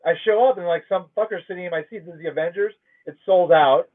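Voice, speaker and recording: A man's voice: high-pitched, fast talker. A man hosting a livestream, telling a story in a casual, profane, emphatic rant from home. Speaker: livestream host. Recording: tinny phone-like audio.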